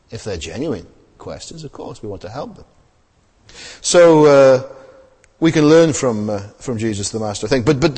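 A man's voice: mid-range voice, darkish tone, slightly rough, big-room sound. A man preaching a sermon in a conversational way, full of tag questions and fillers.

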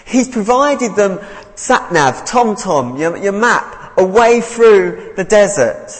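A man's voice: high voice, expressive, slow, in a large hall, low-quality recording. A man preaching a sermon in an earnest way, often repeating words as he goes.

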